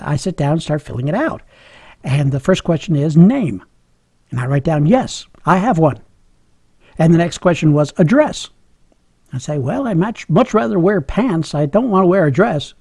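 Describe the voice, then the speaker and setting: Gravelly, chuckling male storyteller. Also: fairly high pitch, darkish tone, dry recording. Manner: humorous, chuckling, self-mocking. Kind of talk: personal storytelling.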